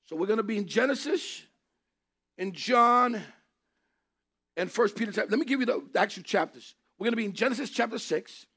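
A man preaching a sermon in an emphatic way, repeating key phrases and rising to shouts. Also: high voice, animated, a little fast, pauses often.

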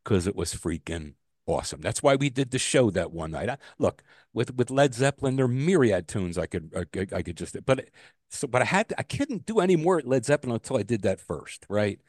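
Man, podcast co-host, casual chat, lively swooping pitch, dry close sound, exasperated outbursts, swears freely. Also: a little fast, no echo. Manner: animated storyteller, voice jumps high when exasperated, swears freely.

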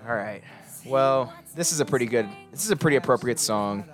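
A young man co-hosting a podcast in casual chat, ranting in a rambling, energetic way with stammered restarts. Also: medium pitch, a little fast, faint music behind. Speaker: podcast co-host.

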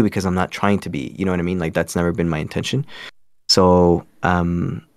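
A man's voice: low-pitched, level tone, fairly quick, dry recording, clean studio sound. A man speaking as a podcast guest in a casual interview, earnest, rambling and self-conscious.

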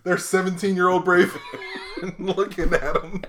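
A man's voice: medium pitch, lively intonation, fairly quick, a bit bright. A young man in his twenties, a podcast host, telling a story in casual chat, sarcastic and often laughing as he acts out what others said.

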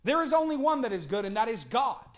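A man preaching a sermon, moving from booming to hushed and asking the congregation to answer back. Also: very animated, fast. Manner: dynamic, swings from booming to hushed; talks with the congregation, asks for responses.

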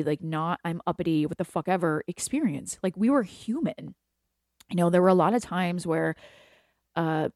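A woman's voice: lowish voice, a little mellow, no room sound, clean studio sound. A woman in her thirties, a hairstylist, talking candidly in a casual monologue, swearing freely and laughing often. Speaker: hairstylist and salon owner.

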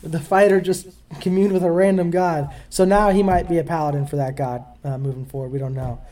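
A man in casual conversation, telling a story quickly with relaxed, muttered asides. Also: fairly high pitch. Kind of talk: casual conversation about tabletop games.

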